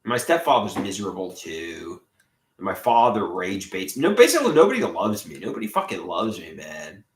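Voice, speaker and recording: A man with a low, very animated voice livestreams from his room at home at a moderate pace, the audio reverberant. His talk is a rambling monologue full of swearing and frequent repetition.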